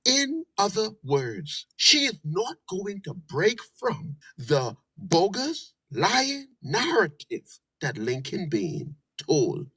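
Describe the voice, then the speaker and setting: A woman's voice: a bass voice, a bit bright, husky, no echo, poor audio. A Bahamian woman giving scornful, preachy commentary over video clips. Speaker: political commentator.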